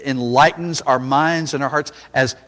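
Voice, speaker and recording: A man preaches a sermon in a voice of ordinary pitch, telling the story with drama. He drops low for quiet asides and climbs to loud cries when he quotes. His voice rings out with a long reverb, as in a large church hall. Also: fairly even intonation, moderate pace.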